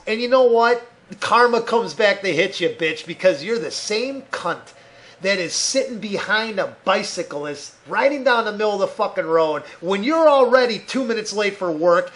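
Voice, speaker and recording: A man's voice: sits high, a bit bright. A man hosting a podcast, ranting heatedly with constant swearing. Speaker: podcast host.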